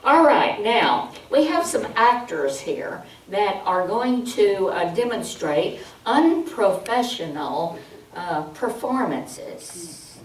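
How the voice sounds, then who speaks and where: A woman presenting a public speaking workshop, slow, humorous and instructive, heard from a distance in an echoey hall. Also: medium pitch, very animated. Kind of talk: public speaking training demo. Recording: distant mic in an echoey hall, faint hiss.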